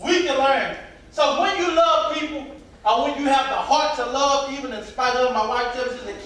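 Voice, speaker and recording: A man, preaching to young people in a relaxed, conversational way and acting out the voices of the people in his stories. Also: extremely high pitch, moderate pace. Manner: conversational preaching, acts out quotes. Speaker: youth pastor. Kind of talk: preaching to youth. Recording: echoey hall, voice from far off, faint noise.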